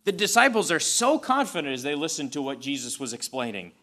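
A man's voice: on the high side, sing-song, a little fast, bright, forceful tone. A man preaching a sermon in a conversational but emphatic way, repeating phrases for stress and adding touches of humor. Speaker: pastor.

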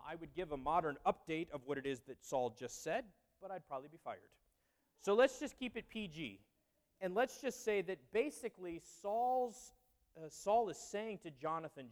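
A man's voice: on the high side, animated, normal speed. A man teaching through a Bible passage in a conversational way, with candid asides and frequent fillers. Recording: long reverb.

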